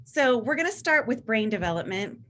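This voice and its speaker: A woman's voice: on the high side, very animated, brisk. A woman in her forties, a therapist, giving an enthusiastic presentation to parents and now and then acting out what kids say. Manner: warm, enthusiastic, acts out teen voices in quotes. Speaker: therapist and author giving a talk.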